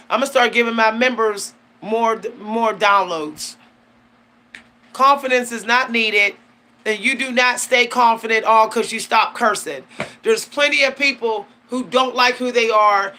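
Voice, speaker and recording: On her channel, a woman whose voice is on the high side, pushed and bright, chats to camera about spirituality. She keeps it casual and emphatic, slipping into slang and laughing frequently.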